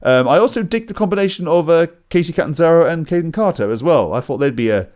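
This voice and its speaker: A man's voice: on the high side, expressive, quick pace, a little mellow. A man co-hosting a wrestling podcast, easygoing with a dry sense of humor. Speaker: podcast co-host. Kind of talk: casual chat.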